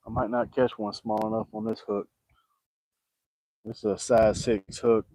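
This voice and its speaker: A man's voice: fairly low pitch, level tone, unhurried, warm tone, dry recording, poor audio. A middle-aged man, fishing outdoors and joking as he answers viewers in casual chat. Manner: folksy, joking, talks back to viewer comments. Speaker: fishing vlogger.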